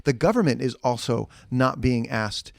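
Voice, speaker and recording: A man's voice: mid-range voice, moderate pace, vocal fry, no room sound, clean studio sound. A man co-hosting a church podcast in casual chat, earnest and ranting in bursts with frequent restarts.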